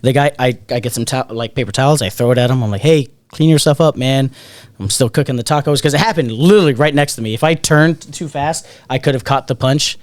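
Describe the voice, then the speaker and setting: A man's voice: medium pitch, fast talker, dry recording, clean studio sound. A man co-hosting a podcast, telling a party story in casual, rambling chat and swearing freely. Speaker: podcast co-host.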